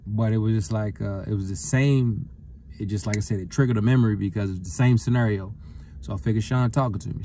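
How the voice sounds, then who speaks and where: A middle-aged man, a retired football player, telling a personal story in a loose, rambling way that gets lively as he relives it. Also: fairly low pitch, creaky, a little hiss or hum. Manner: relaxed, rambling with fillers, gets animated retelling the encounter. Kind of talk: casual storytelling monologue.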